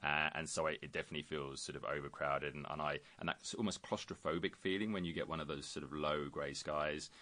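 English man, very low voice, fast casual chat with lots of restarts. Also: steady tone, pushed and bright. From England. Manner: hesitant, rambling with restarts. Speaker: discussion guest.

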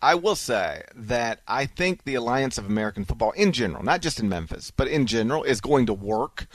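A man hosting a sports talk radio show, animated and teasing, running through the rundown and arguing playfully. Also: mid-range voice, brisk, no room sound. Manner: animated, teasing, mock-outraged.

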